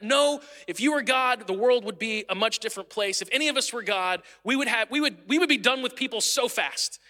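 A male pastor preaching a sermon in a church, building to loud, emphatic peaks. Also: sits high, a little fast. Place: church sanctuary. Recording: church hall reverb.

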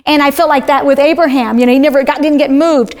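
A woman's voice: sits high, fairly even intonation, quick pace. A woman from Florida, a self-described talker, animatedly sharing a personal faith testimony in conversation.

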